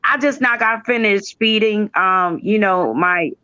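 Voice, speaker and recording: A man from New Jersey joins a live stream over a remote call, his audio dull and lo-fi and very dry. His tone is bright and forceful. He speaks earnestly and spiritually, circling back through his phrases. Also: high-pitched, unhurried, smooth, no room sound. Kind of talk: casual live-stream chat.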